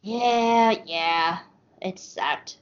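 Speaking very slowly in a voice on the low side, this podcast co-host talks casually about a cartoon series. She's chatty, laughs a lot, and fills in with frequent fillers. The audio has a dull lo-fi quality.

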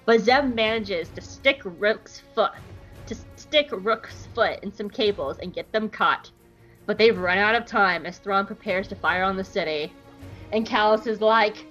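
A woman's voice: medium pitch, unhurried, fairly bright tone, lo-fi sound, faint music behind. A woman casually recapping a cartoon episode for a podcast, joking around and slipping into silly voices for the characters. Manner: playful, jokey, acts out quotes in silly voices.

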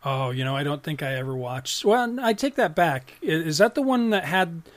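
An American man in casual podcast banter, easygoing and quick to laugh. His voice sits a little higher than most men's. He drops fast side remarks as he talks. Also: sing-song. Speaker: podcast co-host. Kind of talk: casual chat.

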